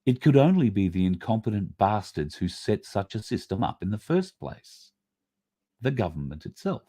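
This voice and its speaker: Very animated and husky, a man with a lowish voice talks at normal speed while hosting a livestream. He swears, rants bluntly with sudden loud bursts, and reads out comments from viewers.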